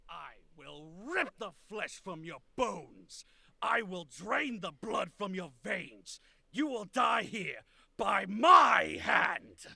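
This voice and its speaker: A bloodthirsty berserker warrior in a video game, snarling menacing threats through a deeply gravelly, crackling voice. Every word is dragged out slowly and leaned on hard, and the sharp, bright edge of the voice cuts through. It sits in a dry, close space. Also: male voice, sing-song, dry recording, full character voice. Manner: menacing threats with deliberate drawn-out emphasis. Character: blood-soaked raging male berserker warrior. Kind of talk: voice acting workshop recording.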